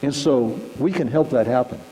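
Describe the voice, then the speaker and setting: A man delivers a relaxed, conversational sermon, now and then acting out little scenes to make his point. His voice rings with a long hall reverb, and a faint electrical hum sits underneath. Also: mid-range voice, normal speed. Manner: conversational, animated, acts out shouting examples. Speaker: pastor. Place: church sanctuary.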